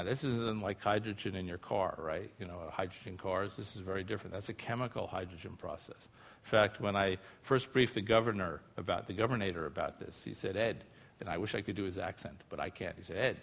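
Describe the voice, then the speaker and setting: A man's voice: on the low side, gravelly. A man giving a live public science talk to an audience, explaining in a casual, conversational way with frequent asides and tag questions. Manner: casual and explanatory, often using filler phrases and tag questions. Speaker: lecturer presenting research. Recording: long reverb from a large hall.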